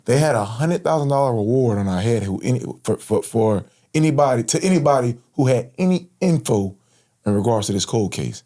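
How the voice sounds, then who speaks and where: Man in his 30s, Florida guest; relaxed, slangy storyteller, earnest, mid-pitched voice. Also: fairly quick. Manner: casual, slangy, earnest, frequent "bro". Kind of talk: personal storytelling in interview.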